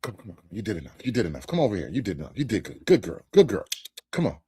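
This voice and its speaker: A patronizing handler croons the same soothing phrases over and over, as a man puts the voice on. The voice sits well below his usual pitch and stays soft and hushed. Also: huge pitch swings, rapid-fire, slightly rough, exaggerated voice. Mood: mocking. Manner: condescending, repetitive cooing. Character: patronizing soothing handler coaxing a speaker offstage.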